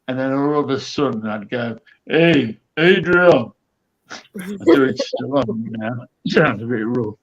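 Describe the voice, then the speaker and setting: A man's voice: medium pitch, steady tone, moderate pace. An older man, a comedian guest, telling chatty anecdotes and acting out the people in them. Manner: chatty storyteller, acts out quoted voices. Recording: dull lo-fi sound.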